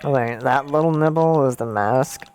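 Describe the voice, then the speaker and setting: A woman with a low, mellow voice streams a story game. She reads the characters' lines aloud and breaks off for puzzled, offhand comments, while faint game music plays behind her. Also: a little slow. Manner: reacts with confused asides between read lines. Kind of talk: casual game stream, reading dialogue aloud.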